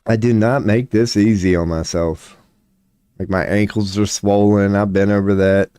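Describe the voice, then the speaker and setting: A man talks loosely to his stream audience, rambling between tarot readings, swearing and laughing easily. His voice sits low and mellow, worn a little hoarse, and he keeps clearing his throat. The sound is dry and close, with no room around it. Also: steady tone, moderate pace, no room sound. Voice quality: voice going hoarse from long streams. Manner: rambling, swears casually, laughs often, reads chat aloud. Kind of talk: casual live-stream chat.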